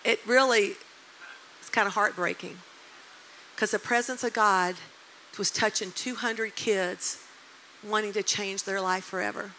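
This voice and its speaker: A woman in her sixties preaching, telling a personal story in an animated, emphatic way with faint background noise. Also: medium pitch, a little slow, pauses often, poor audio. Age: 60s. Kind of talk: sermon storytelling.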